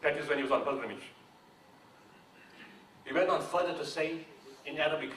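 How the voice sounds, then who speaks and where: Earnest man, slightly high voice, speech heard from afar in a roomy hall. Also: fairly quick, long pauses, a bit bright. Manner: earnest, rising to emphatic declarations. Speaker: founder of the charity, speaking at a book launch. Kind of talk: public speech. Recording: echoey hall from a distance, faint noise.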